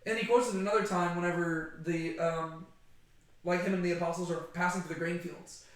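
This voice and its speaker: A man giving a casual, animated Bible study talk, chatty and conversational, often checking in with "right?". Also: high-pitched, fairly quick. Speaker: Bible teacher. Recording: very echoey room.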